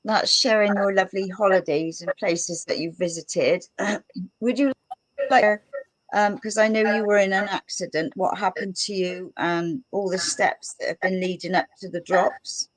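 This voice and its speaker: A woman's voice: mid-range voice, steady tone, measured pace, poor audio. A woman hosts a casual radio interview. She prompts her guest with friendly questions, with some fillers as she starts. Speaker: radio host.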